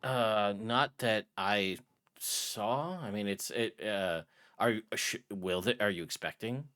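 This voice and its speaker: A harried town official, as a game master plays him rushes through his words and keeps cutting himself off. The voice sits a bit low. It is tabletop role-play. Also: a bit bright. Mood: chatty. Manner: rambling, rapid, self-interrupting. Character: harried male town official, fast-talking and overwhelmed. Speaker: dungeon master voicing a townsman.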